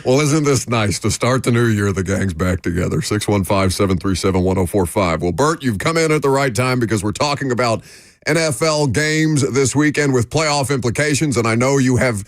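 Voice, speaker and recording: A mid-pitched man who hosts sports talk radio, needling his co-host in a dry, deadpan way. The studio sound is dry and close. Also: fairly quick, dry recording. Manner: dry teasing, deadpan ribbing. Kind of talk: casual sports radio banter.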